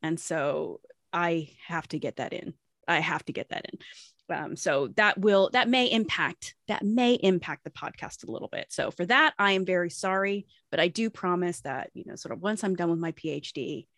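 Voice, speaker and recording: A woman's voice: fairly low pitch, moderate pace, no room sound, studio quality. A young woman co-hosting a podcast in casual chat, talkative and swearing freely. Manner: chatty, lively, swears casually. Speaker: podcast co-host. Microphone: remote call mic.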